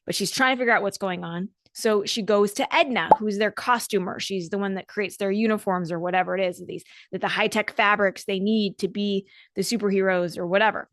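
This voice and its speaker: A woman's voice: medium pitch, fairly even intonation, a little fast, hardly any pauses, no echo, studio quality. A woman dance coach hosting a solo podcast, talking in an earnest, motivational way with emphatic repetition.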